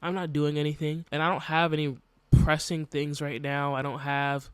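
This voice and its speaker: Young male podcast host, candid personal monologue, fairly high voice, dry close sound. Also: flat delivery, normal speed, a bit bright, clear, resonant tone, no echo. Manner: candid and reflective, many "like" fillers.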